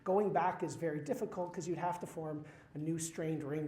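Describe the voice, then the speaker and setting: A man's voice: on the high side, fairly even intonation, moderate pace, mellow. A man giving a university chemistry lecture, quizzing his students with questions and dropping wry asides. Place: lecture hall. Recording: roomy lecture hall echo.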